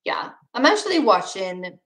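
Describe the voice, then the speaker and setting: A woman's voice: medium pitch, very animated, moderate pace, a bit bright, poor audio. A young woman with a Swedish accent, casually reading chat questions aloud on a live stream and answering them with restarts and laughs. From Sweden.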